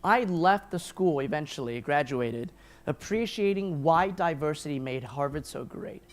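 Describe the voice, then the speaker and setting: Keynote speaker: a man with a fairly high voice, earnest and self-deprecating, miked at a lunch event. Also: expressive, measured pace. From grew up in Taiwan, New Zealand and the United States. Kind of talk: keynote speech. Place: event hall at a lunch gathering.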